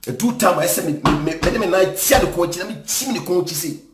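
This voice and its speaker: Ghanaian male evangelist, high and animated, scornful ranting in an echoey room. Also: quick pace, noisy background. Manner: scornful, insulting, mixes English and Twi. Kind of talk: angry ranting commentary.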